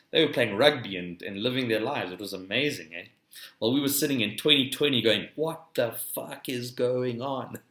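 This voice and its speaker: A man's voice: on the low side, bright, forceful tone, echoey room. A South African man hosting his own podcast, talking in a rambling casual monologue to his listeners. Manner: rambling, addresses listeners as "guys", tags "eh?". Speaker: podcast host.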